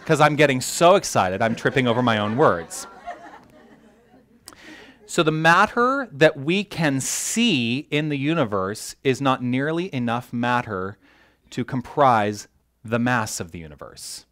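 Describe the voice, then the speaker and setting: A man preaching a sermon as a minister, animated and joking with his congregation, tripping over his words when excited. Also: mid-range voice, unhurried. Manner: animated, self-interrupting, jokes with the congregation. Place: church hall.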